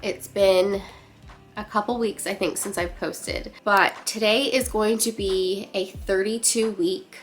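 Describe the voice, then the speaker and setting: A young woman with a stuffy, congested voice, chatting casually and quietly in a home vlog update. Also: mid-range voice, steady tone, takes it slowly. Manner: chatty, lots of fillers like "like" and "um"; keeping her voice down. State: congested, nasal. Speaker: vlogger. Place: guest room at home.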